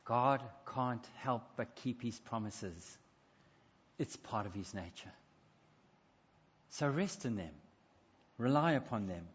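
A man preaching a sermon in a church, emphatic and slowing down to stress key points. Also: medium pitch, expressive, slightly rough. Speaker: pastor. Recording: dull sound in echoey church hall.

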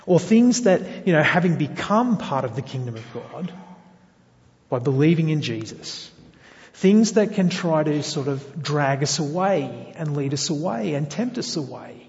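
Man preaching, fairly high voice, earnest, rhetorical questions, long hall reverb, dull lo-fi sound. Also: lively intonation, a little slow, darkish tone. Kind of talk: sermon.

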